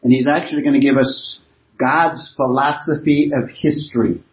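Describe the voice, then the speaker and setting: A man's voice: mid-range voice, fairly even intonation, normal speed. A man teaching a Bible class, explaining points step by step from an outline on slides. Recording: roomy, dull lo-fi classroom recording.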